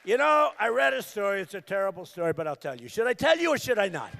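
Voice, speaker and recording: High-voiced man giving a rally speech. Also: big pitch swings, quick pace, vocal fry, some chatter behind, a little hiss or hum. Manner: emphatic and repetitive, with shouted bursts. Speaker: political candidate.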